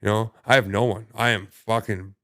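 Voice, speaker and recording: Brief: man, podcast guest, lowish voice, swears freely, stumbles and restarts, dry close sound. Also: steady tone, pushed and bright, dry recording. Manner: halting, profane, many restarts and fillers. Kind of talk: casual conversation.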